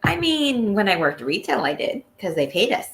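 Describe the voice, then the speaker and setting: A woman's voice: medium pitch, sing-song, moderate pace. A woman co-hosting a casual live wrestling review stream, talking in a matter-of-fact, teasing way. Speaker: podcast co-host. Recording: echoey room with faint noise.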